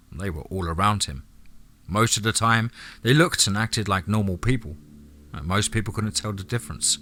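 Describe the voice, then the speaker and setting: A man's voice: on the low side, pushed and bright. A man reading an audiobook as narrator, telling the story steadily. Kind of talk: scripted narration.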